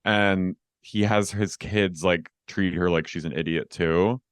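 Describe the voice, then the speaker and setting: Deep, smooth-voiced gossiping man. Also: steady tone, unhurried, no echo, clean studio sound. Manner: rambling, filler-heavy, gossipy. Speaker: podcast co-host. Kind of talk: casual reality-TV recap chat.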